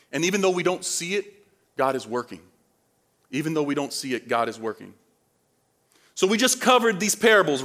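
A man's voice: on the high side, a bit bright. A man from the Dominican Republic preaching a sermon in a casual, conversational way, often checking in with the congregation through questions. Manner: conversational, asks the crowd questions.

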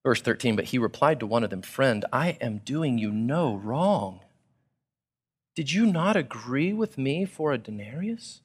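A man from Texas, preaching a sermon and acting out people's thoughts in a casual, animated way. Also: medium pitch. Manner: animated, acts out listeners' thoughts in casual paraphrase. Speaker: pastor.

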